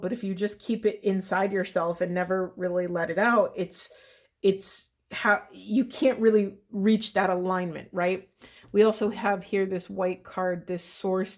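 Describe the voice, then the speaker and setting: Earnest woman reading spiritual cards. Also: mid-range voice. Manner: soft, earnest and meandering, with many fillers and "right?". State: voice shaking with emotion. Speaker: spiritual coach giving a card reading. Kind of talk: intuitive card reading to camera.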